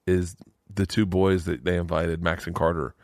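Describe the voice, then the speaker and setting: A middle-aged man with a low voice tells a rambling story in casual chat, jumping into the voices of the people in it. The sound is dry and close, with no room around it. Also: normal speed, no room sound. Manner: animated storyteller, acts out quotes in raised voices. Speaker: guest comedian.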